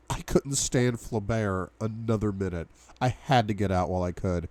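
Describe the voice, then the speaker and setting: A man's voice: on the low side, normal speed, hardly any pauses, darkish tone, no room sound. A young man reading a novel aloud for a book club, with asides to his viewers. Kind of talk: audiobook-style reading.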